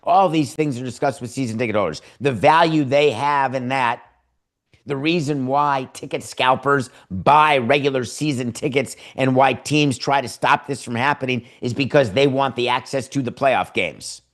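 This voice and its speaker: A man hosts a sports talk show in an opinionated, lecturing way. He drives his points home with drawn-out emphasis and rapid rhetorical questions. His voice sits at an ordinary, middle pitch. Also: a bit bright. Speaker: podcast host.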